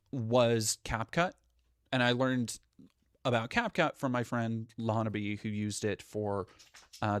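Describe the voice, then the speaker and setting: A man's voice: mid-range voice, no echo. Profane rambling male streamer, dry sound. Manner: rambling, profane, reads chat aloud. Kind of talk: casual livestream chat.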